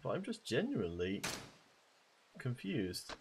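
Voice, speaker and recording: A man's voice: medium pitch, huge pitch swings, measured pace, slight background noise. A man casually playing a video game, chatting and reading dialogue aloud. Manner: reads game dialogue aloud in put-on voices. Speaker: let's play host. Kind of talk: casual let's play commentary.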